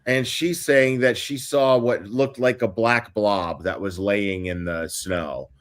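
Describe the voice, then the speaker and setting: A man's voice: on the low side, takes it slowly. A male host on a casual livestream, explaining a timeline step by step with frequent ums and uhs.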